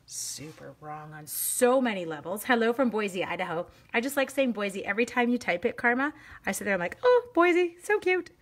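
A woman's voice: medium pitch, expressive, brisk. A woman from Canada in her forties, chatting casually and bubbly as she demonstrates a craft project on a livestream and greets viewers. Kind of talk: casual livestream demo chat.

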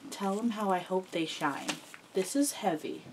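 A young woman vlogger gushing excitedly as she unboxes gifts, full of "like" fillers. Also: fairly low pitch, unhurried, noisy background. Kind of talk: gift unboxing chat.

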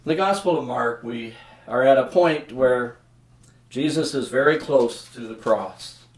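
A man from Canada preaching a sermon as a pastor, speaking in an unhurried, earnest way with some fillers and restarts. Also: medium pitch. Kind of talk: sermon with scripture reading and prayer. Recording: roomy echoing church sound.

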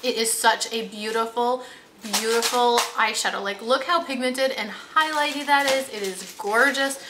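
A woman's voice: fairly high pitch, moderate pace, noisy background. A young woman beauty vlogger chatting casually to viewers about her favorite makeup, upbeat and gushing. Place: home room with toddler nearby.

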